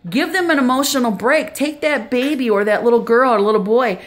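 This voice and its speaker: A woman's voice: fairly high pitch, fairly quick. A middle-aged woman, a grandmother, giving earnest, preachy advice in a casual vlog. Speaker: grandmother vlogger.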